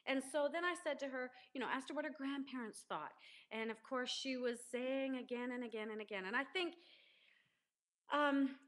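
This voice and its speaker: A woman's voice: high voice, moderate pace, a bit bright. A middle-aged mother giving earnest parenting advice on a webcam, repeating her key phrases like a sermon. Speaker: parent vlogger. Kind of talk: casual parenting advice talk.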